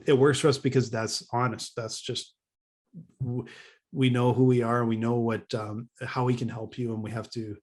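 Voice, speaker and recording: A man's voice: mid-range voice, level tone, normal speed. Rambling podcast co-host man. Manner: rambling, many restarts, dry laughs. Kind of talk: casual podcast chat.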